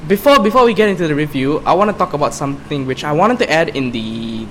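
A man's voice: a little high, lively intonation, a bit bright, slight background noise. A man co-hosting a casual film review podcast, joking and swearing between laughs. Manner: laughing, profane, quick banter. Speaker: podcast co-host.

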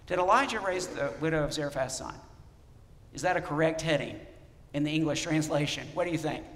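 Animated male pastor preaching in a hall. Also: fairly high pitch, brisk. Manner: animated, asks the congregation questions. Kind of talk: sermon.

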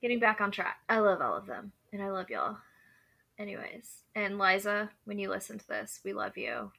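A woman's voice: mid-range voice, big pitch swings, moderate pace, vocal fry, pushed and bright. A woman co-hosting a podcast, chatting casually and reading folklore aloud, profane and prone to asides and laughter. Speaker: podcast co-host.

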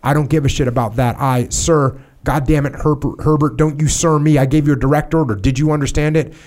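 A furious army officer barks question after question, his voice pushed up high and taut with rage, as a man reading aloud puts him on. He rants and cuts off every reply, bullying and relentless. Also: fairly even intonation, brisk, natural voice. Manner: ranting, shouting down interruptions. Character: furious middle-aged male army commander, bullying.

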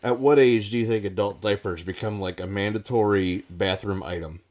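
A man's voice: fairly low pitch, moderate pace, a little mellow. A man co-hosting a casual podcast, joking crudely and swearing heavily as he reads questions from the chat. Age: adult, foster parent. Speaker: podcast co-host.

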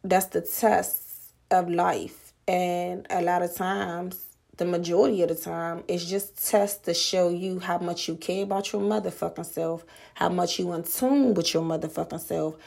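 Raspy low-voiced woman podcaster, slow and blunt, swearing, lots of questions at you. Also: fairly even intonation, a little mellow. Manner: blunt and profane, rhetorical questions. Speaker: podcast host. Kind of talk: motivational monologue.

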